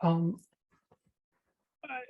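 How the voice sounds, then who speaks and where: A satsang participant musing over a phrase in a slow, thoughtful way. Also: no room sound, dull audio. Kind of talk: question at a satsang.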